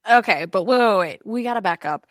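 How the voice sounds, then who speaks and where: A woman co-hosting a podcast, playful and lively, reading out industry points. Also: mid-range voice, brisk, no echo, clean studio sound. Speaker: podcast co-host. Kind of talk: scripted casual podcast banter.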